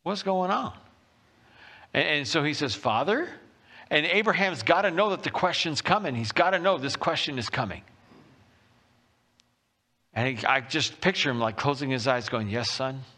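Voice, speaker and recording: A male pastor delivers a sermon with a bright, forceful tone. He retells the story vividly, slipping into the characters' voices as he goes. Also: on the high side, moderate pace. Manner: animated storytelling, acting out voices.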